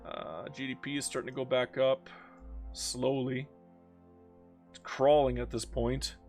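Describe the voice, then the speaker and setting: A man's voice: mid-range voice, level tone, measured pace, darkish tone, soft background music. A young man commenting on his own strategy game during a long live stream, talking to himself and the game, groaning and joking, worn out after many hours of play.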